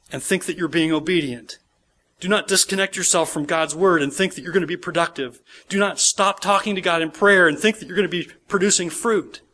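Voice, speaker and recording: A man's voice: high-pitched, sharp tone. A man pastor preaching a sermon, emphatic and repeating key words for stress.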